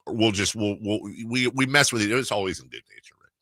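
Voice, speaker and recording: A man's voice: on the low side, a little fast, sharp tone, dry recording. A man hosting a sports radio talk show, telling a rambling story in casual chat with many restarts. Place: radio studio.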